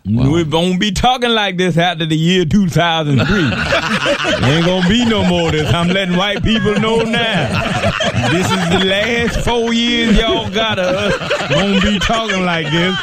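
A male comedian doing an exaggerated old-time drawl, laughing through his lines on a radio show. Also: sits high. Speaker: comedian guest. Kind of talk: comic put-on drawl bit on radio.

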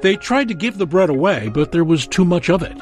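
A man narrating a true-crime documentary in a measured, dramatic storytelling manner. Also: high-pitched, lively intonation, soft background music.

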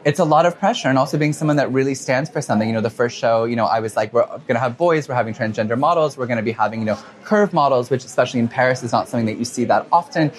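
A man in his twenties answering interview questions, talking quickly and emotionally with many fillers and quoted asides. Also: mid-range voice. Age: 20s. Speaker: fashion designer, interview guest.

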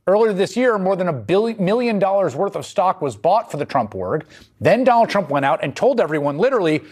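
News host guy, sardonic and punchy, fairly high lively voice. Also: a little fast, husky. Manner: sardonic, emphatic delivery. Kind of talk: scripted political commentary.

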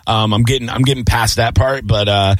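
A middle-aged man hosting a radio show in casual banter, animated, jokey and swearing freely. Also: mid-range voice, brisk, dry recording, clean studio sound, soft background music.

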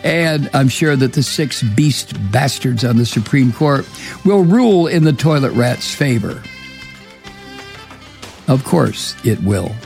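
Gravelly, profane man ranting on air. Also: medium pitch, lively intonation, slow, a little mellow, faint music behind. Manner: profane, sneering, indignant. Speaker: radio talk host. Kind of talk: angry political commentary.

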